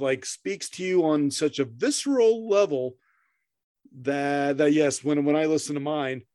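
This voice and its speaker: The middle-aged man co-hosting this podcast speaks in a slightly high, slightly mellow voice with studio quality and no room sound. The chat is casual, and he rambles, curses freely, laughs often and keeps restarting with stammers.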